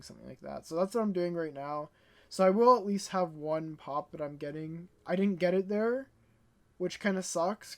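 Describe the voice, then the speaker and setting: A young woman vlogging in a casual, animated storytelling way, stuttering when she gets worked up. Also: on the low side. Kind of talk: casual ranting vlog.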